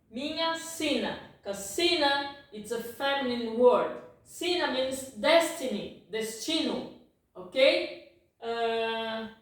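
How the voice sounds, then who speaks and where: A native Portuguese-speaking woman teaches a language lesson slowly, with a fairly high voice. She keeps checking in with "ok?" and corrects herself as she goes. The recording is very echoey, with her voice picked up from a distance. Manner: repeats words and checks in with "ok?" constantly; self-correcting, apologetic asides. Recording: very echoey room, distant mic.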